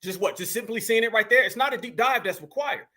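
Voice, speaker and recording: High, bright-voiced man ranting. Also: fast. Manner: emphatic preaching slang. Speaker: commentary host. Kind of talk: reaction commentary.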